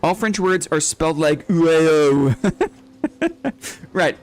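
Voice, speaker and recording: A man's voice: sits high, big pitch swings, extremely slow. A young man hosting a casual live stream who rambles, laughs often and keeps asking "right?". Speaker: game streamer. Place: home streaming setup.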